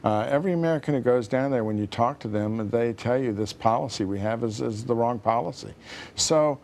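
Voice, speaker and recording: A man's voice: mid-range voice, a little fast, a little mellow. A man speaking as a guest on a TV panel discussion, hesitant and full of restarts.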